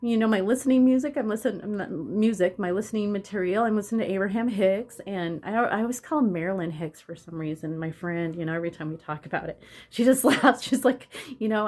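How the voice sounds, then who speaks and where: A woman's voice: mid-range voice, a little fast, darkish tone. A woman casually telling a story on her vlog, laughing often and swearing, sounding in pain and close to tears. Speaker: vlogger.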